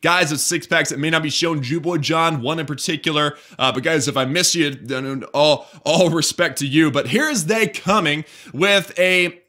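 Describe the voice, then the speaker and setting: An enthusiastic man walks viewers through strategy game replays in a chatty commentary voice. His tone is bright and a little high. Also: normal speed, few pauses. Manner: enthusiastic, addresses viewers as guys, frequent restarts. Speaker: gaming YouTuber commentating war replays.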